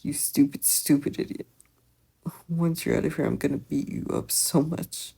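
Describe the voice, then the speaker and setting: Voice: mid-range voice, flat delivery, moderate pace, creaky, dark tone, breathy edge. A reader voicing Tommy, a scared angry brother. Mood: furious and scared. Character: frightened angry younger brother at a hospital bed.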